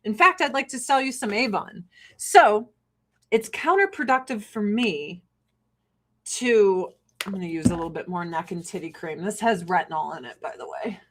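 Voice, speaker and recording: Animated, profane American woman on livestream. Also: medium pitch, moderate pace. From United States. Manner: blunt and profane, laughing often. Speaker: livestream host selling skincare. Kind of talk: casual livestream rant.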